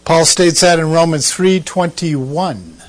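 A man's voice: a little high, slow. A man giving conversational Bible teaching, asking rhetorical questions and making asides to his listeners.

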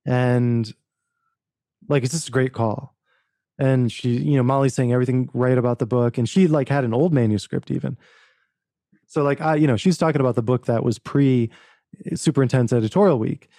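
Animated storytelling man, warm voice. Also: mid-range voice, no room sound, studio quality. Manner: animated, acts out quoted dialogue with frequent restarts. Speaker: author and book producer, podcast guest. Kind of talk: casual interview storytelling.

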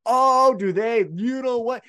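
A man's voice: very high-pitched, takes it slowly, bright, forceful tone, clean tone. A man co-hosting a casual wrestling podcast, ranting with strong opinions and frequent swearing. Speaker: podcast co-host.

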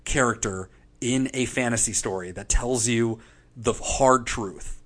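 A podcast co-host recaps a TV episode in casual, profane chat, animatedly acting out quotes in funny voices. His voice is medium-pitched and his pace unhurried.

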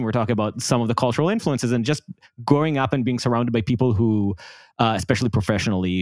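A man from outside the United States co-hosting a podcast, speaking in a halting, stammering, wry way. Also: mid-range voice, no room sound. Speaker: podcast co-host. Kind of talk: casual podcast conversation.

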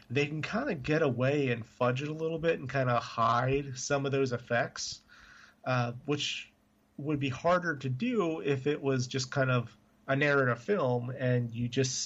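A man's voice: mid-range voice, fairly bright tone, lo-fi sound. A man co-hosting a casual movie chat, rambling with lots of fillers. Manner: rambling, full of fillers and hedges. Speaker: podcast co-host.

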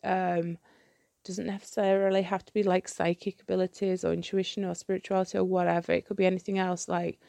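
A woman's voice: on the low side, flat delivery, brisk, vocal fry, dark tone, no room sound. A woman hosting her own podcast, talking candidly and rambling with plenty of fillers and restarts. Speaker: podcast host. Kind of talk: candid solo podcast chat.

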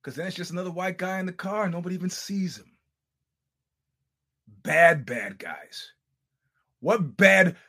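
Animated man with a high voice. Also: husky. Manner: animated, profane, laughing asides, jumps between stories. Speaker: podcast host. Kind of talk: casual storytelling monologue.

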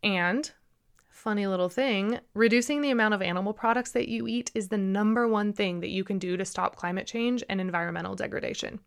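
A woman's voice: medium pitch, clean tone. Earnest woman podcaster, emphatic. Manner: earnest, emphatic, rambling with restarts. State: a little emotional. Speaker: podcast host. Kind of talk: casual solo podcast monologue.

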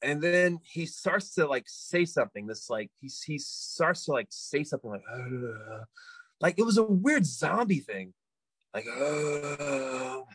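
A man, a podcast guest, telling a story in casual chat, animated, repeating himself with many fillers and restarts. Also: on the high side, moderate pace, slightly rough, no room sound, rough recording.

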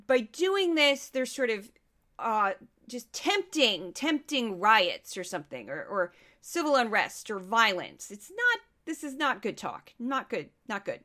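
A woman's voice: high voice, fairly bright tone. A woman hosting a podcast, commenting casually and sarcastically on news clips, with frequent restarts and asides. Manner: sarcastic, rambling, many restarts. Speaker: podcast host.

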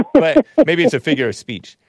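A man's voice: on the high side, huge pitch swings, measured pace, mellow, no echo, muffled recording. A man hosting a call-in talk show, rambling and musing aloud while he laughs at his own remarks. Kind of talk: casual call-in show chat.

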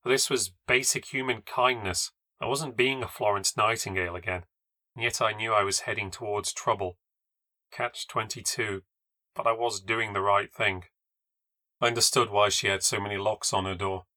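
Wry, measured male narrator for a ghost story podcast, slightly low and crisp-edged. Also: steady tone, sharp tone, no echo. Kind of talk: scripted first-person ghost story narration.

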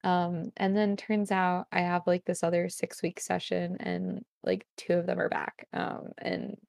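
A woman's voice: lowish voice, little pitch movement, unhurried, creaky, darkish tone, dry recording, clean studio sound. A young woman in a casual conversation as a guest, rambling and filling her talk with constant "like"s.

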